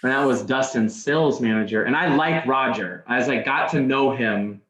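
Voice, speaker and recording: A man's voice: medium pitch, moderate pace, a loud crowd. A man guest on a podcast, telling a story casually, rambling, with many restarts and "like"s. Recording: roomy, dull sound.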